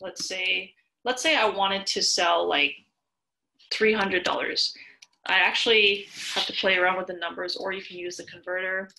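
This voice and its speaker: A woman from Canada hosting a step-by-step screen tutorial, chatty and full of worked examples. Her voice is bright and a little sharp, with a gravelly edge at the ends of phrases, and sits at an ordinary pitch. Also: steady tone, moderate pace, poor audio. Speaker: tutorial host.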